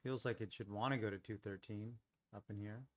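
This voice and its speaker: A man's voice: lowish voice, fairly even intonation, fairly quick. A man streaming live as a futures day trader, thinking aloud as he scans markets, questioning his own trade ideas with laid-back joking asides.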